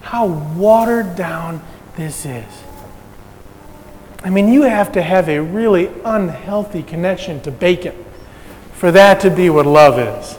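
A pastor with a high, light voice preaches to his congregation. He talks in an easy, conversational way with touches of humor. His voice rings through a reverberant church hall. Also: unhurried, darkish tone, slight background noise. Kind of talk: sermon.

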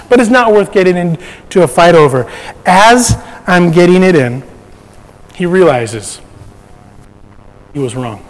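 A man's voice: sits high, wildly swooping pitch, moderate pace, pauses often, in a large hall, poor audio. A man sharing a personal faith testimony in a conversational storytelling way, often restarting his sentences.

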